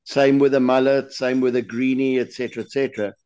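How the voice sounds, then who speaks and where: A man's voice: mid-range voice, level tone, fast, darkish tone, smooth. A man with a South African accent, a lure designer talking as a guest on a podcast interview, chatty and often repeating words as he searches for them.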